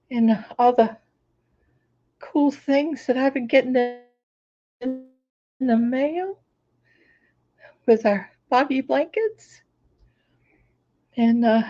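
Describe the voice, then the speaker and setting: Chatty hoarse woman, high and slow, mellow tone, live on a laptop. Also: highs cut off. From Florida. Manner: chatty, greets viewers by name. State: hoarse, recovering voice. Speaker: crafting channel host. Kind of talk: casual livestream chat. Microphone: laptop microphone.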